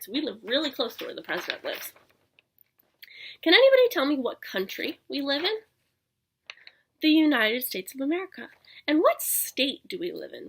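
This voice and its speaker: A young woman leading a preschool circle time lesson from home, with an animated sing-song manner that often drops to a soft whisper. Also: high voice, gravelly. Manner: animated sing-song teacher voice with gasps and drawn-out words. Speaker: preschool teacher.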